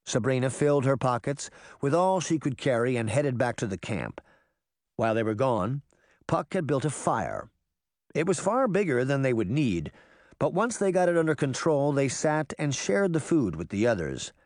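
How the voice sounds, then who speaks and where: A man's voice: normal speed, no room sound. Guy reading an audiobook, lots of up and down in his voice, dry close mic. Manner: expressive storytelling, varied pitch. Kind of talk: scripted audiobook narration.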